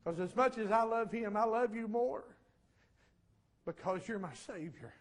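A high-voiced preacher man in mid-life delivers a fervent sermon testimony. He rides his voice up into ringing cries, then brings it down to a quiet, earnest hush. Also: a little slow. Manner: fervent, rising to shouts then dropping to a low hush.

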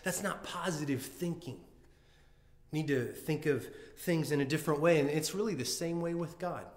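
A pastor preaching a sermon in an earnest, conversational way, often restarting and acting out heartfelt quotes. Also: male voice, a little high. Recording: echoey room.

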